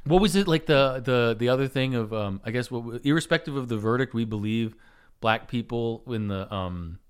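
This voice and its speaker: A man's voice: mid-range voice, normal speed, clear, resonant tone. A man hosting a podcast in casual chat, laughing often and restarting his sentences. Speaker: podcast host.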